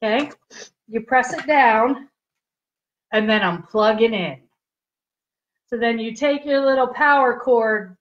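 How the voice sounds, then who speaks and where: A woman hosting a casual live product demo, chatty and giggly, checking in with her viewers constantly. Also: fairly high pitch. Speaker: livestream host demonstrating skincare patches. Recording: dull lo-fi livestream audio.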